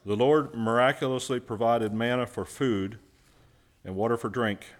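A man's voice: medium pitch, steady tone, moderate pace. Man preaching a sermon, asking and answering. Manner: asks the congregation questions and answers them; stresses key words by repeating them.

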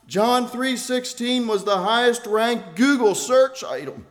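A man preaching a sermon in an earnest, deliberate way, repeating key phrases for weight. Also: high voice.

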